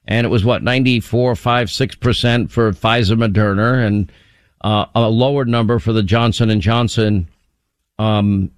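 A man's voice: lowish voice, steady tone, normal speed, clear, resonant tone, no echo. Talk radio host, male, dry close studio sound, wry and rambling.

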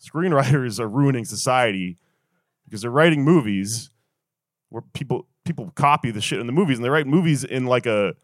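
A man's voice: mid-range voice, expressive, fairly quick, dry recording. A young man doing a stand-up comedy set, rambling and swearing through an exasperated rant on a handheld stage mic.

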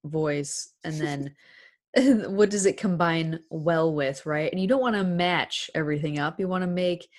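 A woman's voice: low-pitched, measured pace. A woman talking as a guest in a casual chat about role-playing, speaking in a thoughtful, friendly way and laughing easily.

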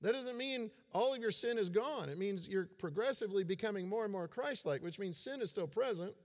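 A man's voice: high voice, expressive, brisk. A man in his forties giving a sermon as a pastor, conversational and self-deprecating in his humor. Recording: long hall reverb.

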